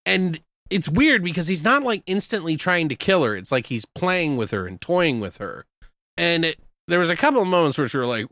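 Swearing man with a lively voice. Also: on the high side, moderate pace, dry recording, studio quality. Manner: loose, profane, laughing storyteller. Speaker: podcast co-host. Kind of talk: casual movie recap chat.

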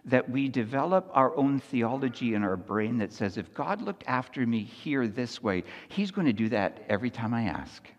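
A man's voice: medium pitch, muffled recording. Man preaching in a reverberant hall. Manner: conversational preaching, frequent "Right?" asides; swings from soft hushed lines to loud animated storytelling. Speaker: pastor. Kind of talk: sermon.

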